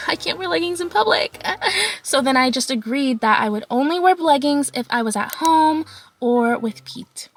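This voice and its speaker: A young woman tells a storytime vlog in a high, lively voice. She laughs often and acts out quotes in squeaky put-on voices. Faint music plays behind her. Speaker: vlogger.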